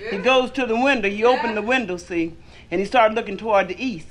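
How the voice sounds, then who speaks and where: A woman's voice: medium pitch, brisk. A woman comedian telling bawdy jokes in a folksy, salty manner, calling her listeners honey and baby. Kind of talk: bawdy stand-up storytelling.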